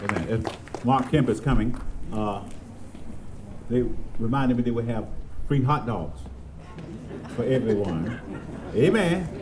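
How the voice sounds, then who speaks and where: An easygoing man emcees an outdoor event, making relaxed announcements in a mid-pitched voice. Clear background noise runs under the recording. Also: takes it slowly, long pauses, crowd noise. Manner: relaxed and chatty, with an easy laugh. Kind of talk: casual announcements. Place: outdoors at a courthouse vigil.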